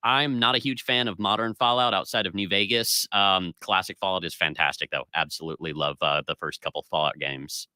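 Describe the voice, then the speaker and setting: A man co-hosting a radio talk show, talking casually in a halting way with fillers. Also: sits low, steady tone, pushed and bright, dry recording. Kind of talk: casual group chat on radio. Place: radio studio.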